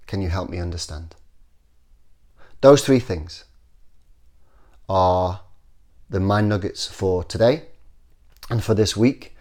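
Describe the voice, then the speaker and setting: Host: middle-aged man, fairly low voice, earnest and repetitive, acts out sample dialogues. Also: a little mellow. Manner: earnest, repeats phrases, acts out example dialogue. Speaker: self-development video host. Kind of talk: casual talk to camera.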